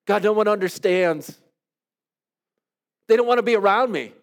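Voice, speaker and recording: A man leading a devotional, praying aloud in an earnest, pleading way with soft, hushed trailing endings, then teaching calmly. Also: high voice, normal speed, gravelly. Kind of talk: reflective spoken prayer and teaching.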